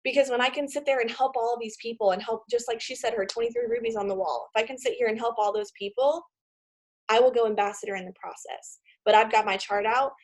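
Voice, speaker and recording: A woman giving an emotional, excitable motivational talk to her sales team over a video call. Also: on the high side, fast talker. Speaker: team leader.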